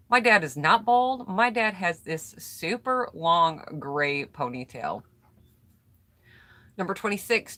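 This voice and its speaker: A woman's voice: fairly low pitch, bright, forceful tone. An American woman vlogger reading out tag questions and answering them in casual chat, greeting viewers by name, while getting over a cold. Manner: chatty, reads questions aloud then answers and greets viewers. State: recovering from a cold.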